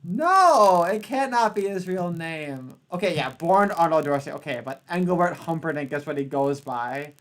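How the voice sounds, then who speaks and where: Swearing, animated man ranting casually. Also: on the high side, normal speed, few pauses. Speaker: podcast host. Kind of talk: casual chat.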